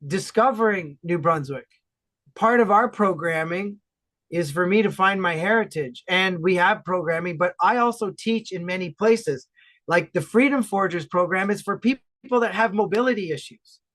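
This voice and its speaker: A man from Ontario, Canada, talking enthusiastically and loudly as a guest in a casual podcast chat. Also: sits high. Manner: enthusiastic, animated, loud talker.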